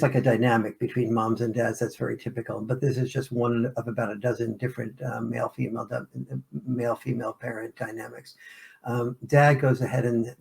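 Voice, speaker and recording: A man with a gravelly, creaky voice answers interview questions at length. He explains his points by acting out family scenes, and his pitch sits mid-range. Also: darkish tone. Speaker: author and interview guest.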